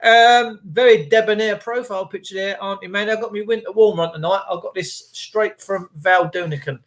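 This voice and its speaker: High-voiced chatty man. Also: a little fast, fairly bright tone. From England. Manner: chatty, cheeky, ranting at times. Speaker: live-stream host. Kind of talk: casual live-stream chat greeting viewers.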